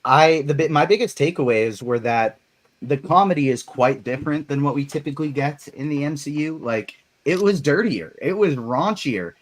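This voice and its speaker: Man, host, casual live chat, upbeat, slightly high voice. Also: animated, normal speed. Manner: upbeat, laughs between points. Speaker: show host.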